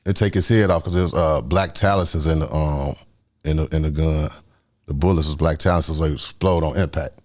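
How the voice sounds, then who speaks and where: A man, telling a story in a casual interview, animated and acting out the other people's voices. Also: rumbling low, fairly quick. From Chicago. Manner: animated, acts out voices, swings between loud and hushed. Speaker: guest storyteller.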